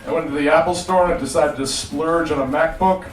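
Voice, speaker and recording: A man performing a stand-up comedy set with a punchy, animated delivery on a live club stage. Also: on the high side, fairly quick, a crowd in the background, background noise. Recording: roomy club sound, mic at a distance. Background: audience laughter.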